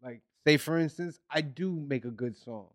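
A man's voice: fairly high pitch, moderate pace, no room sound, studio quality. A man from Newburgh, New York, a guest musician earnestly telling stories in a casual podcast chat, with many "like" fillers.

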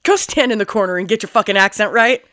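A woman's voice: medium pitch, quick pace, a bit bright. A woman co-hosting a podcast in casual, rambling, profane chat full of jokes. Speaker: podcast co-host.

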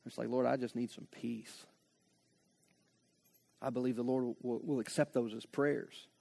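A man preaching a sermon with passion, moving from hushed reflection to loud, rising appeals. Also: fairly high pitch. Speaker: pastor.

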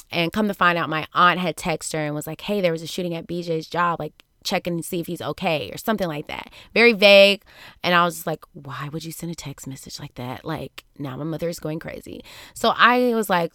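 A podcast host speaks into a studio microphone, telling a family story in a loose, chatty monologue at normal speed. Her smooth, clear voice sits a little low for a woman, and she's animated, laughing often and acting out the voices of people she quotes. The sound is dry and close, with no echo or room around it.

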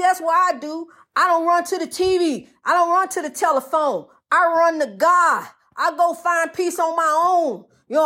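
A woman's voice: very high voice, a bit bright. An older woman giving spiritual advice in a folksy, preachy monologue, repeating phrases and calling the listener honey.

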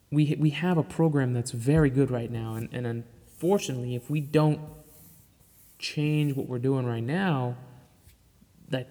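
A man's voice: mid-range voice, darkish tone, big-room sound. A man hosting his own podcast in an enthusiastic, loose, chatty way. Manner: enthusiastic, loose and chatty, with casual swearing and laughs. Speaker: podcast host. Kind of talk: casual solo podcast talk.

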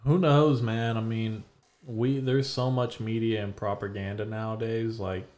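Man, podcast host, low voice, casual profane chat, laid-back. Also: fairly even intonation, unhurried, a little mellow.

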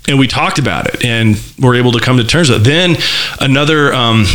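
A man's voice: mid-range voice, a little fast. A man casually telling a personal story in conversation, candid and loose, with lots of fillers and restarts. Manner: vivid, animated description.

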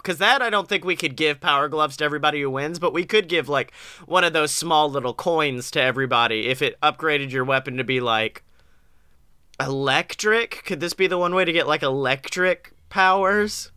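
A man co-hosting a podcast in casual, joking chat, animated and a bit profane. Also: a little high, clean tone, dry recording, clean studio sound. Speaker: podcast co-host.

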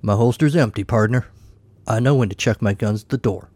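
A man's voice: on the low side, a little fast, darkish tone, no echo, natural voice. Guy doing a laid-back folksy cowboy drawl, dry close sound. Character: old-time cowboy stranger, calm, drawling, unflappable.

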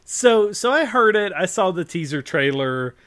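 Laid-back man in a casual chat, slightly high voice. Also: very animated, normal speed, fairly bright tone. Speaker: podcast co-host. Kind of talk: casual chat about movies.

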